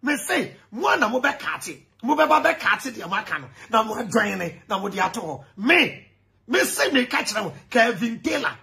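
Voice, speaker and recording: A man with a Ghanaian accent giving an animated political rant, shouting and laughing as he mixes English with Twi. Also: high-pitched, moderate pace, vocal fry. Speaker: commentator.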